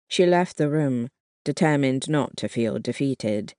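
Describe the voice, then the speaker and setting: An audiobook narrator reading historical fiction in a measured, even storytelling manner. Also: mid-range voice, no room sound, studio quality.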